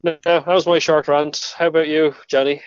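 Male podcast host, relaxed and plain-spoken, mid pitch, dull dry lo-fi audio. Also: moderate pace, clear, resonant tone, dry recording. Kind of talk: casual podcast chat.

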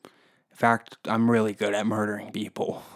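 A man's voice: completely flat delivery, normal speed, lightly acted. A man putting on a mocking impression of a boastful, scheming female politician. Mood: gloating. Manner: mocking high-pitched impression, crude.

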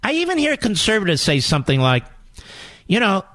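A man's voice: high voice, wildly swooping pitch, fairly quick, fairly bright tone, no room sound. A man hosting a political talk radio show, delivering a combative monologue full of emphatic rhetorical questions. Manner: emphatic, rallying.

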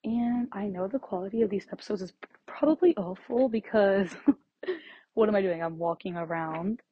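A young woman hosting her own podcast, rambling casually and laughing often, her voice shaky and her breathing loud with anxiety as she walks around her bedroom. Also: mid-range voice, moderate pace, slightly rough, no room sound. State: anxious and shaky, breathing loudly. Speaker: podcast host. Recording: slightly dull, dry lo-fi home recording.

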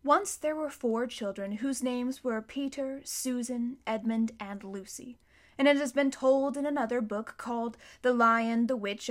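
Woman audiobook reader, fairly high voice, even and unhurried narration. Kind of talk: storybook narration.

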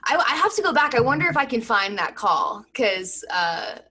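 A woman's voice: fairly high pitch, very animated, moderate pace, bright, forceful tone, slightly rough. A woman hosting a casual interview, reacting eagerly to her guest's story.

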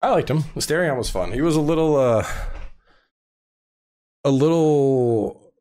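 A man's voice: fairly high pitch, animated, measured pace, mellow. A man in casual gaming chat on a podcast, laid-back and laughing as he talks. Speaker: podcast co-host or guest.

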